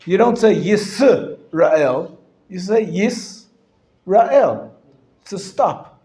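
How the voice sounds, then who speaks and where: A male rabbi teaching a live class, explaining patiently and sounding words out slowly, often clearing his throat and chuckling. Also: high-pitched, warm tone. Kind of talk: live classroom lesson on Hebrew reading. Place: lecture room. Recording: roomy echo from a live class.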